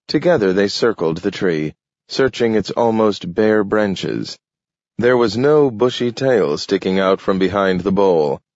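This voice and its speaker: A man reads an audiobook in a slow, measured, deliberate way, with a slightly low voice that rises and falls a lot. The recording is dull and lo-fi and completely dry. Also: a little mellow, dry recording. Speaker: audiobook narrator. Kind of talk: scripted audiobook narration.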